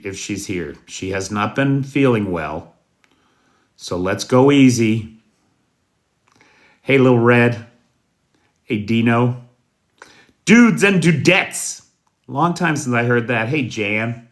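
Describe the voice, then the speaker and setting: An American man hosting a casual livestream news show, greeting viewers by name in a folksy, unhurried way. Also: mid-range voice, fairly bright tone. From United States. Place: indoors at night.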